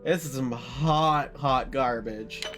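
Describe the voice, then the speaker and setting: A streamer from California giving profane, animated live gameplay commentary, now and then slipping into a joking southern drawl. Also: mid-range voice, slow. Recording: game music behind the voice. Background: game music and sound effects.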